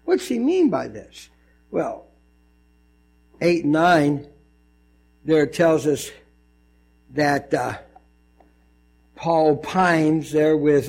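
A male pastor giving a conversational, animated sermon, often acting out voices in his stories. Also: a little high, takes it slowly, creaky, pauses often.

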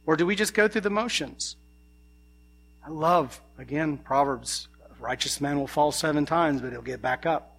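A man's voice: on the high side, moderate pace, a bit bright. A man preaching a sermon, earnest, often asking the listeners questions. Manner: earnest, asks the congregation questions.

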